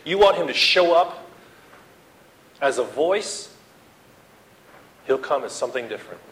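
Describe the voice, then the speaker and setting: A man preaching a sermon to his congregation, swinging from loud dramatic outbursts to hushed appeals and acting out the quotes he reads. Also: mid-range voice, expressive, measured pace, slight background noise, rough recording. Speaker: pastor.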